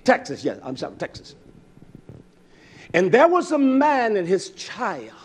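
A man preaching a sermon, emphatic, swinging between loud bursts and low murmurs and asking his listeners direct questions. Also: wildly swooping pitch, unhurried, husky. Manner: addresses congregation directly with questions.

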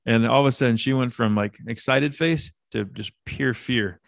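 A man co-hosting a podcast, telling an animated story in casual banter and swearing freely. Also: mid-range voice, moderate pace, creaky, no echo, clean studio sound. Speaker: podcast co-host.

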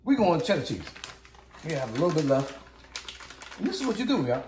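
A man's voice: on the high side, very animated, fast, darkish tone, far from the mic, slight background noise. Hyped man cooking in a roomy kitchen. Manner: hyped, repetitive, calls out to viewers. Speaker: cooking channel host. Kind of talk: casual cooking demo. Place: home kitchen.

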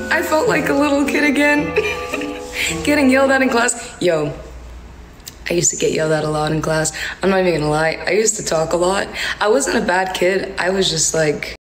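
A woman's voice: mid-range voice, normal speed, long pauses, a bit bright, roomy sound, soft background music. Giggly young woman on a livestream. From Morocco. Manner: giggly, laughs often, dramatic. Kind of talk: casual livestream chat.

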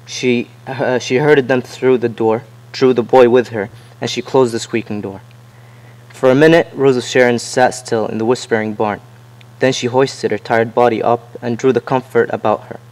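A man reads a novel passage aloud in a measured way. His voice sits at an ordinary, middle pitch. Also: fairly even intonation, darkish tone, low-quality recording. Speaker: reader.

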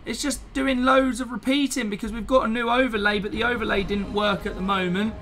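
A live streamer, chatting casually, excitable and flustered, laughing often. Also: medium pitch, a little fast, faint music behind.

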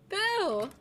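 A woman streaming a horror game in casual chat, jumpy and quick to scream. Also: very high voice, a bit bright, a little hiss or hum. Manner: jumpy, prone to sudden screams.

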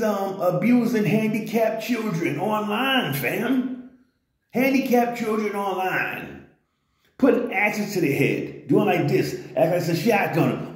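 A man ranting in loose slangy commentary on a vlog, often tossing in "you know what I'm saying.". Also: sits high. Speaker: vlogger. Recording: very echoey room.

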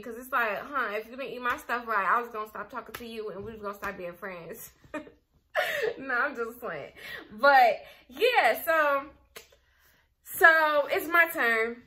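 Bright-voiced young woman vlogger, candid storyteller. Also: on the high side, measured pace. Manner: candid, animated retelling with lots of filler words. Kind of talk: casual storytime.

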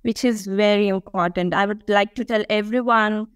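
A woman's voice: mid-range voice, fairly even intonation, moderate pace, clear, resonant tone, no echo. A woman guest in a conversational interview, speaking earnestly and reflectively, with frequent fillers. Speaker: guest, dental school applicant.

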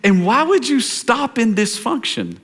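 A pastor from Tennessee, preaching a sermon with passion, swinging from shouted climaxes to low, quiet appeals. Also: male voice, wildly swooping pitch, a little slow, slightly rough. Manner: impassioned preaching, rising to shouts and dropping low.

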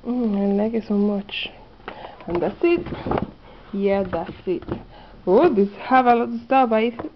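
Gushing woman, slow, lo-fi. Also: medium pitch, a little hiss or hum. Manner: excited, gushing, slightly non-native phrasing. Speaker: craft haul vlogger. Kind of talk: casual haul video. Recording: dull lo-fi home video audio.

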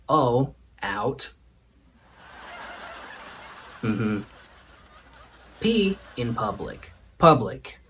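A man's voice: mid-range voice, fairly bright tone, a little hiss or hum. A man hosting a comedic monologue, teasing and playful in his delivery. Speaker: host.

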